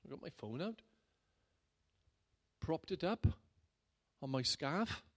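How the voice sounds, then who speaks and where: A man, a pastor, telling a personal story in a sermon in a chatty way that builds to loud, emphatic bursts. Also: a little high, expressive, takes it slowly. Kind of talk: sermon testimony.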